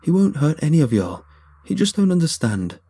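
Man playing a gentle Southern country fellow, Louisiana drawl, pitched up, reassuring. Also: big pitch swings, moderate pace, gravelly, breathy edge, full character voice. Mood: soothing. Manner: soothing, folksy. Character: Southern small-town man, calm and reassuring.

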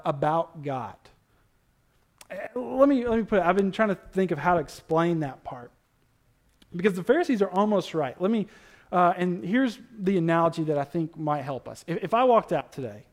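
High-voiced male pastor preaching. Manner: conversational, with asides and self-corrections. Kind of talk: sermon.

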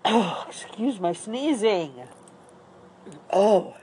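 A woman's voice: on the low side, lively intonation, slow, a little mellow, a little hiss or hum. A woman talking upbeat and rambling in a casual outdoor morning vlog, with an allergy cough. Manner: rambling and upbeat, with small restarts. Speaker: vlogger. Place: outdoors with dry leaves on the ground.

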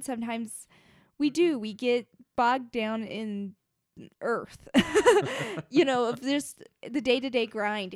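A woman's voice: fairly high pitch, no room sound, clean studio sound. A young adult woman hosting a podcast, chatting casually and animatedly and laughing often. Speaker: podcast host. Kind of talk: casual chat about faith and books.

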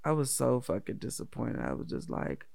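Gravelly dc guy telling an old story, laid back, swears a lot, laughs, dry sound. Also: mid-range voice, very animated, moderate pace, darkish tone, dry recording. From Washington, D.C. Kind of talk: casual personal storytelling.

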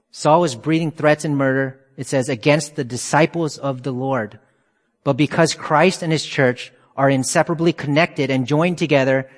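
A man preaching a sermon, reading scripture aloud and asking earnest rhetorical questions. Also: medium pitch. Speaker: pastor. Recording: long hall reverb.

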